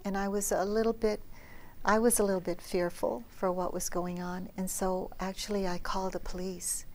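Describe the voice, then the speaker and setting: A middle-aged woman meditation teacher giving a dharma talk at a retreat, telling stories gently and often dropping to a soft near-whisper. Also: medium pitch, flat delivery, moderate pace, slight background noise.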